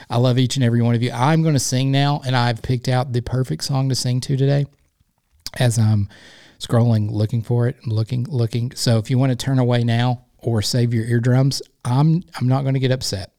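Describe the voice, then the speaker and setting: A man's voice: medium pitch, fairly even intonation, brisk. Rambling man hosting a podcast. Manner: rambling, folksy and playful, warmly effusive sign-off. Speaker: podcast host. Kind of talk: casual solo podcast monologue.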